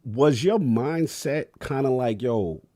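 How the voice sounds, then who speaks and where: A man's voice: fairly low pitch, fairly quick. A man hosting a gaming podcast, chatting in an enthusiastic, slangy way. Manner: slangy and hyped, says bro and fire. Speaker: podcast host. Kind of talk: casual interview chat.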